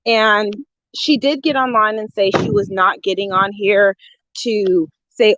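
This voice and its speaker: A woman's voice: mid-range voice, steady tone, unhurried, fairly bright tone, no room sound. A woman vlogger chatting casually on a live stream, greeting viewers and giving gossipy commentary on online drama, a bit winded. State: winded, out of breath. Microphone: phone. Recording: dull lo-fi, dry sound.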